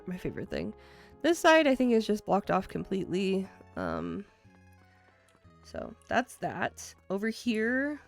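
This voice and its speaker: Excitable girl streaming a game, chatty, music playing under her voice. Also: mid-range voice. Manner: chatty and excitable, laughs often. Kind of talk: casual gameplay commentary.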